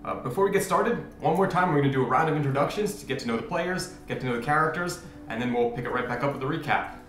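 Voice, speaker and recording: Lively male dungeon master, roomy sound. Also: medium pitch, fast. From expat living in Japan. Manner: lively, upbeat, laughs often. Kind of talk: introducing a tabletop game show.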